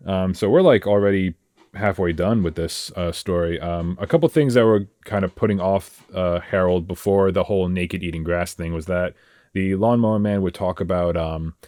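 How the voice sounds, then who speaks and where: Deep-voiced man, halting and dry. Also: mellow, no room sound. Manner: hesitant, lots of ums and restarts, summarizing a story. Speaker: podcast host. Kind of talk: casual chat.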